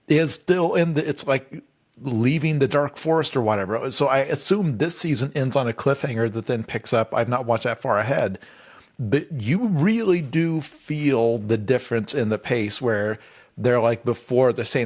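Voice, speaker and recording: Man, podcast co-host, casual chat, wry, rambling, average pitch. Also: normal speed. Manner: rambling, wry, acts out quotes.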